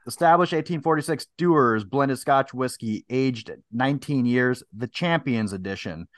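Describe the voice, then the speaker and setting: A man's voice: medium pitch, moderate pace, dry recording, studio quality. A man co-hosting a podcast, chatting casually, joking and rambling as he reads drink labels aloud. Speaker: podcast co-host. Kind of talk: casual chat.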